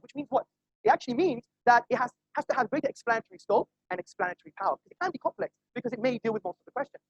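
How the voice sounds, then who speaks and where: Male debater, very fast and assertive, husky tone, dry close sound. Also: extremely high pitch, no echo, dull audio. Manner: rapid, assertive, argumentative, with pointed asides to the audience. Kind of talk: formal debate speech. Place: auditorium before a live audience.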